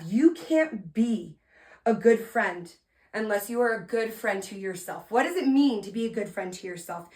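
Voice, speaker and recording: A woman podcast host telling a story from her talk to students in an energetic motivational style, with sudden loud emphasis, soft earnest asides and direct questions to her listeners. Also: medium pitch, moderate pace. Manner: talks to listeners directly, asking them to respond.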